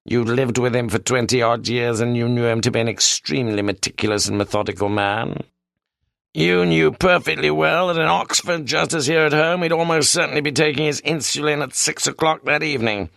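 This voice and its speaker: A man voicing a calm, probing British police detective with a British accent, speaking slowly and deliberately. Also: medium pitch, creaky, no room sound, clean studio sound. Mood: measured. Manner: slow, measured accusation.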